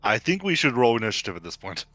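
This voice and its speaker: A man's voice: mid-range voice, sing-song, fast talker, sharp tone, no echo. A man playing in a tabletop game, chatting casually with stammers and restarts. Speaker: player.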